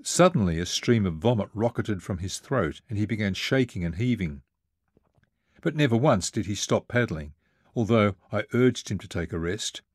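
A man reading a first-person travel memoir aloud, in a measured and vivid storytelling manner. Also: lowish voice, lively intonation, no room sound, studio quality. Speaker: narrator. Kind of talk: first-person audiobook narration.

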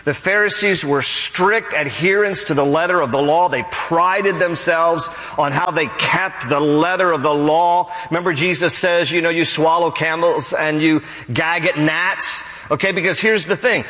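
A male pastor preaching a sermon, animated, acting out the people he quotes. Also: fairly high pitch, moderate pace, few pauses, big-room sound, rough recording.

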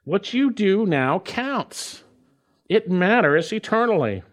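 A man preaching an expository sermon, stressing key phrases with repetition, slowing down and dropping to a hush for emphasis. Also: high voice, very animated. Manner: emphatic, repeats key phrases with dramatic pauses; swings between loud and hushed, slows to stress words. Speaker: pastor.

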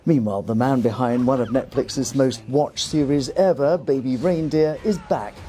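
A man narrating a news report as a correspondent, in a measured delivery. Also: medium pitch, mellow.

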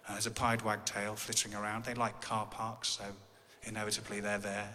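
A man's voice: fairly low pitch, completely flat delivery, moderate pace, sharp tone, in a large hall. Englishman telling a wry personal story. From England. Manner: wry, conversational, dry humor.

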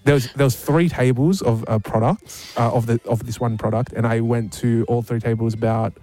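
A man's voice: mid-range voice, steady tone, mellow, no room sound. Hesitant man telling an awkward story. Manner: halting, full of ums and restarts, laughs at himself. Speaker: radio show regular recounting an event. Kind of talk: casual chat.

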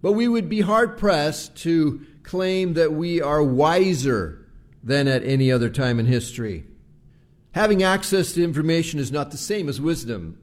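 Man preaching a measured sermon, slightly high. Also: expressive. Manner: measured preaching, slowing for emphasis on key words. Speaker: pastor. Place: church service recorded live.

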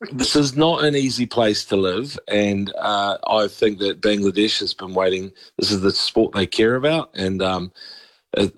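A man's voice: fairly low pitch, no echo. A man with a New Zealand accent chatting casually as a regular sports commentator on radio, rambling with frequent restarts.

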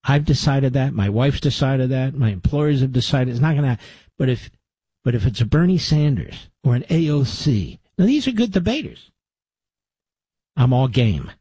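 Combative talk radio host, dark husky voice. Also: male voice, medium pitch, very animated, normal speed, dry recording. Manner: combative, conversational, with sarcastic asides. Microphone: studio microphone.

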